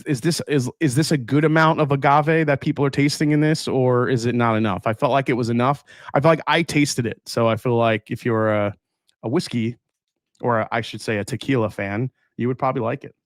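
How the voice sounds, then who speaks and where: A middle-aged man chats casually on a live stream, unboxing and answering his viewers. He rambles and thinks out loud with plenty of fillers and restarts, in a mid-range voice. The sound is close and dry. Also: mid-range voice, brisk, no room sound. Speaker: whiskey reviewer hosting a live stream.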